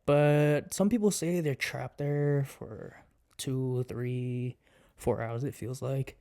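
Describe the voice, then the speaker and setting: A man's voice: medium pitch, slow, vocal fry, clear, resonant tone. A laid-back young man, a college student, chatting casually as a podcast guest. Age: young adult. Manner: laid-back, relaxed storytelling. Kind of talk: casual chat.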